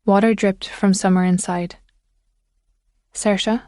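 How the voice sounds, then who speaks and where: A woman narrating a thriller audiobook in a measured, suspenseful way. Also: mid-range voice, level tone, darkish tone, no echo, studio quality.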